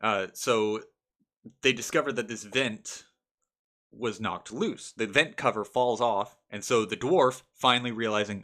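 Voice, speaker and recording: A young man recaps the tabletop game he ran, and his bright, lively voice breaks into laughter as he goes. His telling is casual and animated, and he slips into quick character voices. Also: lowish voice. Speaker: game master telling a story. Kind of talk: casual storytelling vlog.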